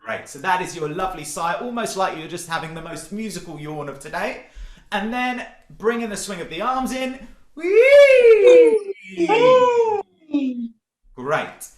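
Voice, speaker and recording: A man coaches a group through vocal warm-ups, upbeat and encouraging, demonstrating each sound with loud whoops and yells. His voice is bright and full of lively swoops in pitch. The room around him is echoey. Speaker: singing workshop leader. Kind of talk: online vocal warm-up session.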